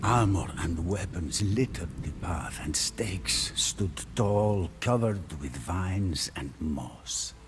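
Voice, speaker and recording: A man giving scripted, measured story narration for a game cutscene. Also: deep voice, lively intonation, noisy background.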